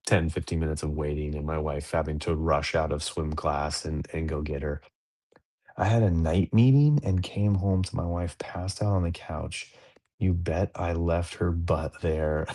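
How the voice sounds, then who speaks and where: A man's voice: low voice, a little mellow. A middle-aged man hosting a casual dad podcast, rambling and self-mocking as he tells stories about his day. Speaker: podcast host. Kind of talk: casual chat.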